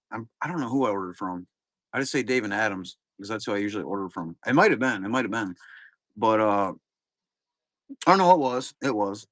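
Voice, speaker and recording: A man's voice: on the low side, a bit bright, dry recording, clean studio sound. A middle-aged man, casually rambling to chat viewers while opening card boxes on a live stream. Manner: rambling, laid-back, talks to chat viewers.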